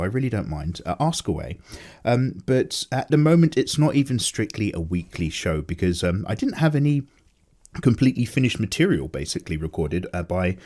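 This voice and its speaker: A man with a lowish voice that leaps up and down a lot, talking in a loose, unscripted ramble. He sounds worn out and low on energy but stays chatty and jokey, with plenty of fillers along the way. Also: warm tone. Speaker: artist and channel host. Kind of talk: casual unedited rambling chat.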